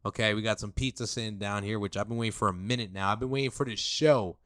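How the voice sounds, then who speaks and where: A man's voice: on the low side, steady tone, quick pace, fairly bright tone, no room sound, studio quality. A man hosting a podcast in a laid-back, rambling way. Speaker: podcast host. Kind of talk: casual podcast chat.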